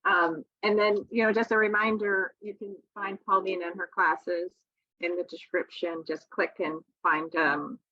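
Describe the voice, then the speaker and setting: A woman's voice: fairly low pitch, level tone, moderate pace, sharp tone, dry recording, dull audio. A woman hosting a conversation, supportive and clarifying, then signing off the episode. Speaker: host. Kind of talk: podcast hosting.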